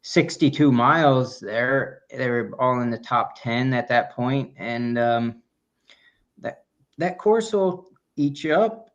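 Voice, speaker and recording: A man's voice: mid-range voice, slow pace. A man co-hosting a running podcast, talking in a casual, enthusiastic and rambling way with many restarts. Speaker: podcast co-host. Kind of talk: casual chat. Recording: dull lo-fi audio.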